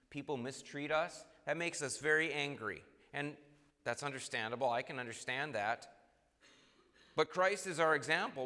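A man preaching a sermon in an earnest way, now and then acting out quoted voices with sudden loud jumps. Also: fairly high pitch. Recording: long reverb in a large hall.

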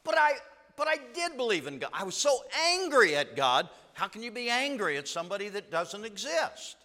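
A man preaching a sermon, telling stories in an emphatic way with dramatic pauses. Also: high-pitched, very animated, sharp tone, big-room sound.

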